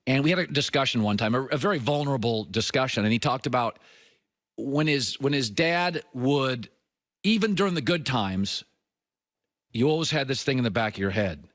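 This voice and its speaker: Middle-aged man, sports radio host, opinionated monologue, very animated pitch, bone-dry studio sound. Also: normal speed, no room sound. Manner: emphatic, swings between high punchy lines and low confiding tones. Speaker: sports talk show host.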